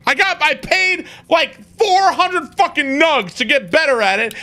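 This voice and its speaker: A man's voice: very high voice, measured pace, pushed and bright. A man streaming a video game, ranting with exasperation and frequent swearing. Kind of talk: casual gameplay commentary.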